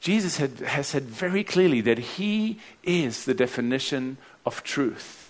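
A man's voice: medium pitch, lively intonation, unhurried. A man preaching a sermon in a church, talking conversationally, often asking the listeners rhetorical questions and repeating words as he restarts a thought. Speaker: pastor.

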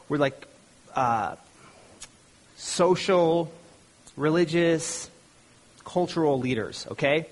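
This middle-aged pastor, whose voice sits on the high side, gives a sermon in a conversational way. His storytelling is loose and full of restarts, and he briefly voices the people he quotes.

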